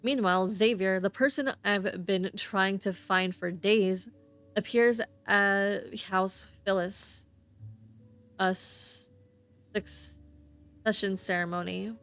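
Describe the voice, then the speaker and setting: Woman streamer, slow halting read-aloud of game text, lots of slips and restarts. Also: mid-range voice, fairly bright tone. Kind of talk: reading game narration on stream.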